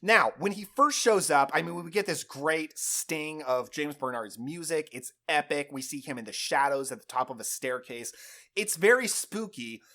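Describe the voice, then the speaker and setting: Male film reviewer, lively pitch, fairly high voice, chatty enthusiasm, casual channel host. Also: moderate pace.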